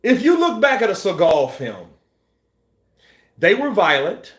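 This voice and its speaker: A man hosting a boxing news channel, chatting casually and acting out scenes with shouts and sound effects. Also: high voice, sing-song, unhurried, echoey room. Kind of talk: casual live-stream chat.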